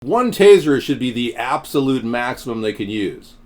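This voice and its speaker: A man hosts a live political show, talking back to his chat with indignant outrage and biting sarcasm. His voice sits at an ordinary middle pitch. He mocks and scolds his viewers as he reads their comments. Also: sing-song, normal speed, darkish tone. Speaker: political talk show host.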